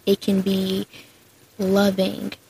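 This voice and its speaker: Chatty young woman, gravelly edge. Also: mid-range voice, completely flat delivery, takes it slowly, background noise. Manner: chatty, upbeat, lots of "like" and "so". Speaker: podcast host. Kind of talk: casual solo podcast chat.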